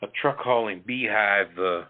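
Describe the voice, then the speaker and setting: Low-voiced male co-host, blunt and crude, stumbling reader, tinny phone sound. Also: measured pace. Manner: stumbling reading, blunt and profane. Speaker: talk show co-host. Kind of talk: casual news reading with crude asides.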